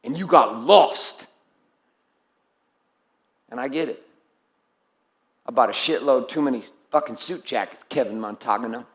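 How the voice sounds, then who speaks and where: A man's voice: mid-range voice, measured pace, long pauses, roomy sound. A man giving a blunt, profane and intense motivational speech to his group, calling on people by name. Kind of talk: live motivational speech to an audience.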